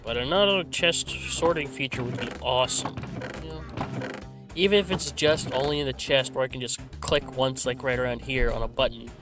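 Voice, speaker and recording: A man's voice: mid-range voice, normal speed, over music. A man hosting a laid-back gaming channel, rambling and self-correcting with a slight stutter, into a desk microphone. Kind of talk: laid-back rambling commentary while playing. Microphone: desk microphone with a simple filter.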